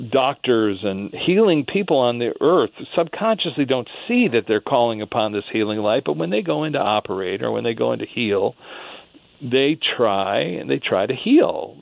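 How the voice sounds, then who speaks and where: A man telling stories as a radio show guest, animated, laughing often and acting out the voices of people he quotes. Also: mid-range voice, gravelly, dry recording. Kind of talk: storytelling in a radio interview. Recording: tinny phone line into a radio show.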